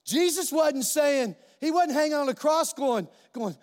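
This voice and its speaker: A male pastor preaching a sermon in a church, animated and emphatic, repeating key phrases for weight. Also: very high voice, measured pace. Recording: long reverb of a large hall.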